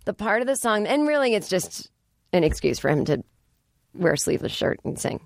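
A woman's voice: medium pitch, very animated, a little fast, vocal fry, no echo. Chatty woman podcast host, dry studio. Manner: chatty, rambling, self-deprecating, many fillers. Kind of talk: casual comedic monologue.

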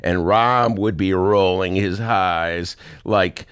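A man hosting a talk radio show, giving lively, mocking political commentary and laughing often. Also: sits low, slow, clear, resonant tone, no echo, clean studio sound.

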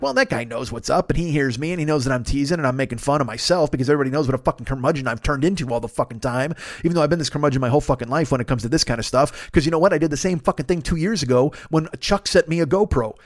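Man, rants fast and swears a lot, picks on himself, pitch a bit high. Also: no room sound, studio quality. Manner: profane, self-deprecating rant. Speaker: podcast host. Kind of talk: solo podcast monologue. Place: Los Angeles.

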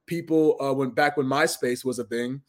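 As an interview guest, a pro wrestler in his thirties from Massachusetts, USA, spins stories in casual talk, earnest and full of restarts. He speaks at a moderate pace with a medium pitch.

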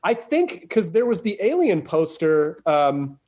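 Man host, slightly high voice, rambling and riffing, swears a lot. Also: big pitch swings, warm tone. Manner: rambling, fast riffing with profanity. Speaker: podcast host. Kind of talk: casual chat.

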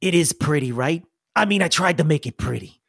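A man puts on an eager male alien mechanic with a tail for a tabletop game, rambling on in drawling slang. The voice sits fairly high and swoops up and down. It is recorded close and dry. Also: lively intonation, fairly quick, vocal fry, a bit bright, husky, dry recording, exaggerated voice. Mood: urging.

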